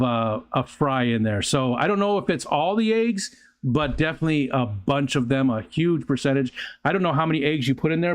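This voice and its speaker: An older man hosting a casual livestream, reading viewer comments aloud and chatting in a rambling, halting way with many restarts. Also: a little high. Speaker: livestream host. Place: outdoors near a pond.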